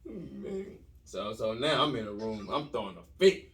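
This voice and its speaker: A man hosting a podcast who tells a comic story in an animated, repetitive way with lots of slang and restarts. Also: medium pitch, normal speed, far from the mic. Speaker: podcast host telling a story.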